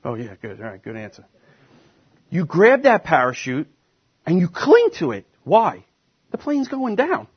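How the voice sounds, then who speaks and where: A fairly high, husky male voice delivers a sermon, pressing his points and tossing questions out to the listeners. The recording sounds dull and lo-fi. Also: wildly swooping pitch, measured pace, long pauses. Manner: preaching emphatically, asking the congregation questions. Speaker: pastor.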